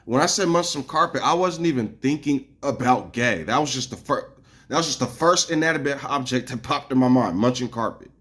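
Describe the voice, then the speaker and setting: A man's voice: medium pitch, expressive, a little fast, a bit bright. A man vlogging an angry, profane rant at his viewers, rambling and restarting his sentences as he goes. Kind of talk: casual ranting monologue to viewers.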